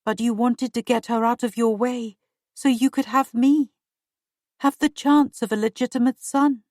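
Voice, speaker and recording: A woman's voice: on the high side, steady tone, no room sound, clean studio sound, close to an everyday voice. A woman playing a wispy ghostly queen. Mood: accusing. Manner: hushed, wispy, drawn-out. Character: young woman posing as a dead queen's ghost.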